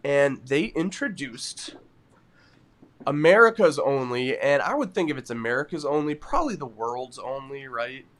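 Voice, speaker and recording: A man co-hosting a podcast, telling stories in a giggly, animated casual chat. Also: medium pitch, moderate pace. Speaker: podcast co-host.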